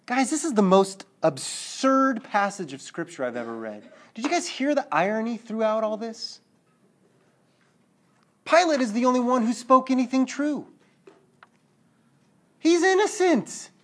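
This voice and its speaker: A man preaching with lively energy, slipping into little acted voices and checking in with the room. He sinks to a low, hushed tone when the message turns heavy. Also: moderate pace. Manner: animated, acts out quotes, checks in with listeners. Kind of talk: sermon.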